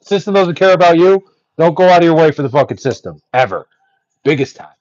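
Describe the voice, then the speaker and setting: A man's voice: a little high, animated, fairly quick, a little mellow, dry recording, muffled recording. A young man chatting casually on a livestream, reading chat aloud, loose and profane with lots of ums.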